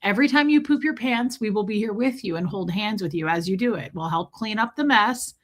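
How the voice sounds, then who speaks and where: A woman's voice: mid-range voice, brisk, a bit bright. A woman hosting a casual livestream, chatting and teasing as she greets viewers one by one. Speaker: livestream host.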